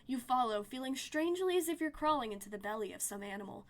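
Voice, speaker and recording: Expressive woman reading a game aloud. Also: on the high side, quick pace. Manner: expressive, dramatic storytelling read-aloud. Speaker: game streamer.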